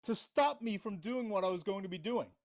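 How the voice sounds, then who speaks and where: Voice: mid-range voice, expressive, brisk. A livestream host giving confrontational commentary, reading out messages and mocking the other side. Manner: reads out chat messages.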